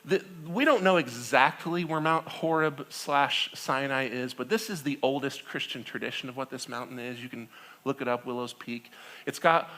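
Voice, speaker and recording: A man in his thirties preaching a sermon, telling the story in a conversational, animated way and asking his listeners "right?" along the way. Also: medium pitch. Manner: animated storytelling, acting out quoted voices; conversational with frequent "right?" and laughs. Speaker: pastor.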